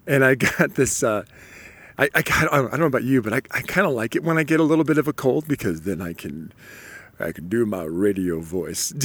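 A man's voice: medium pitch, no room sound. A man hosting a solo motivational podcast, upbeat and chatty, with a slight cold and frequent restarts. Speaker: podcast host.

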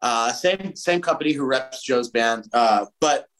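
A man, a musician guest, telling a story in a casual interview, animated and swearing freely. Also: medium pitch, unhurried, rough recording. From United States.

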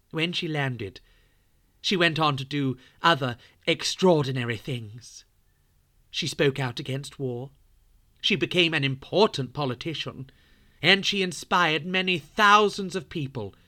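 A podcast host reads a true story to children, chatting playfully with the listeners between sentences. The voice is bright and clear, and the pitch climbs and dips with lively expression. The pace stays slow and unhurried. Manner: playful, talks straight to young listeners.

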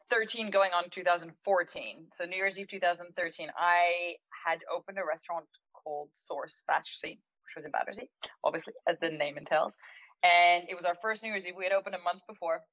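Woman restaurant owner telling a story, kinda low voice, dry dull lo-fi mic, laughs as she goes. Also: dry recording. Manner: chatty and animated, laughs while telling, frequent fillers. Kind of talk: anecdotal storytelling in conversation.

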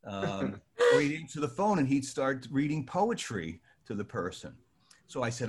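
An older man from New Jersey tells a personal story with a lot of energy. His pitch swings widely and he keeps jumping into other people's voices. He sounds like a born storyteller. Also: big pitch swings, moderate pace, husky. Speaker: storyteller guest. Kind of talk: animated anecdote telling.

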